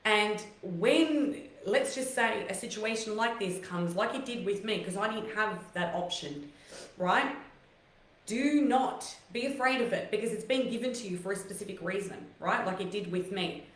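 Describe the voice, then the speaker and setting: Woman, live-stream host, emotional and near tears, rough lowered voice, heartfelt rambling encouragement, mid pitch, roomy echo. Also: animated, normal speed. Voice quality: voice deeper and rougher than her usual. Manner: heartfelt and encouraging, rambling with many fillers and restarts. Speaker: host of a live online talk show. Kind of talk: live-stream motivational talk to viewers. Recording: echoey room.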